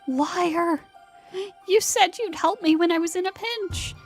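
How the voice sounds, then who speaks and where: A woman voicing an anguished, lonely teenage vampire girl with a high, strained, pleading voice, over music. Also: a little slow. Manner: breaks into pained cries. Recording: music playing behind.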